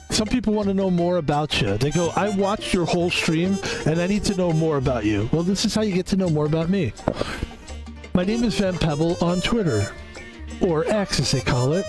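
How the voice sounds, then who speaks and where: Chatty streamer man, higher voice. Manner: rambling, chatty, self-promoting. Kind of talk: casual sign-off chat. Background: background music.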